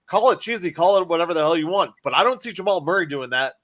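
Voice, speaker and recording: A man's voice: sits high, animated, fast talker, a bit bright. Rambling, emphatic man on a podcast. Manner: rambling, self-correcting, emphatic. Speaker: podcast host. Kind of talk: casual sports chat.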